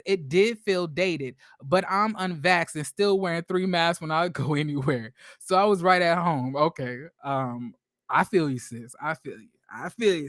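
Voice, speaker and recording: Swearing, animated man recapping a show. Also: high-pitched, dry recording, studio quality. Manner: animated, swears a lot, addresses viewers as y'all. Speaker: show reviewer. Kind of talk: casual profane recap.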